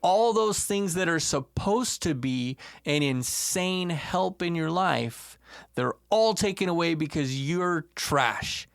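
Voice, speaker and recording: A man co-hosting a podcast, talking earnestly and haltingly about painful experiences, close to tears and repeating words as he gathers his thoughts. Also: a little high, animated, creaky, smooth, no echo. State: tearful. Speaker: podcast co-host. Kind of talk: emotional casual conversation.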